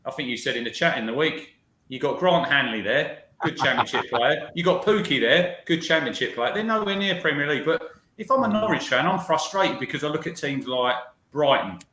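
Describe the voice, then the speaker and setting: A man co-hosts a football podcast with lots of teasing and banter. His voice is bright and slightly high. He sounds like he is in a roomy, echoey space. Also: expressive, fairly quick, slight background noise. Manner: teasing, banter-heavy, asks questions. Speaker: podcast co-host. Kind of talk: casual football podcast chat.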